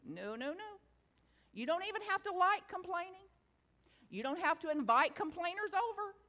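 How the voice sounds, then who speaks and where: A woman giving a spiritual talk to a live audience, playful and teasing, with stretches of slow, hushed guided reflection. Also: extremely high pitch, big pitch swings. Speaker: spiritual teacher. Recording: long hall reverb.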